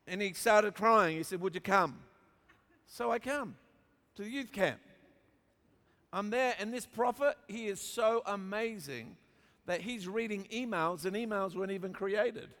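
A man's voice: high-pitched, measured pace, fairly bright tone. A man with an Australian accent preaching a sermon, telling funny stories from his youth and building up with emphatic repetition. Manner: storytelling with humor, emphatic repetition. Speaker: pastor. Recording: long hall reverb.

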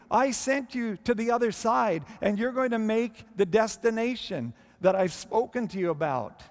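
Male preacher, high voice, dramatic pauses, long reverb of a big hall. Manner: expressive preaching with dramatic pauses and quoted dialogue. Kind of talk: sermon.

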